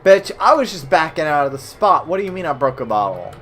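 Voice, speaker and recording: A young man streaming old web games, chatting casually with viewers, cursing a lot and breaking into sudden loud outbursts. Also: fairly high pitch, sing-song, fast, a little hiss or hum. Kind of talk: casual gameplay commentary.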